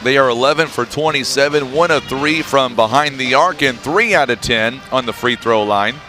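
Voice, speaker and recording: A male radio basketball announcer reading off halftime stats in a brisk, teasing way. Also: mid-range voice, sharp tone, faint music behind. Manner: brisk, reels off numbers, teasing. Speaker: play-by-play announcer.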